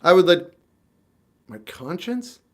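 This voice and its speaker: A man's voice: sits high, sing-song, slow. Blunt, wry man in his fifties. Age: 50s. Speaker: singer-songwriter livestreamer. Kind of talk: casual livestream chat answering comments. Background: guitar playing.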